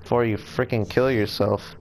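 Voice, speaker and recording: A young man commentates his gameplay in a mid-pitched voice, cursing and complaining as things go wrong. A faint hiss of noise runs under his voice. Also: steady tone, normal speed, darkish tone. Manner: frustrated, swearing, exclaiming at the game. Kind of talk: let's play commentary.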